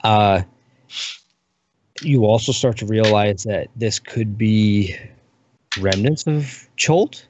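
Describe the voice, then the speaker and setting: A man narrating as dungeon master, describing scenes in a relaxed, unhurried way. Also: on the low side, noisy background. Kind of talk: narrating a tabletop game. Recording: muffled lo-fi recording.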